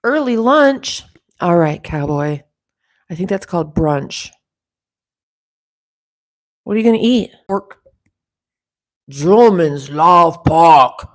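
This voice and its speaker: A woman's voice: mid-range voice, big pitch swings, slow pace, pauses often. A woman hosting a casual livestream chat, reading out viewer comments and teasing them in a chatty way. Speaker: livestream host.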